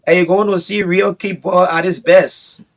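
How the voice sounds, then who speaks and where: A man's voice: high voice, little pitch movement, normal speed. A man, a bar association representative speaking emphatically in a radio interview, often repeating his phrases. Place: radio studio.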